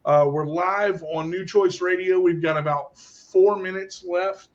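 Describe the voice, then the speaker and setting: A man's voice: high voice, fairly even intonation, measured pace. A man hosting a casual radio chat, jokey and rambling, slipping into silly impressions. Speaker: podcast host. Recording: dull lo-fi audio.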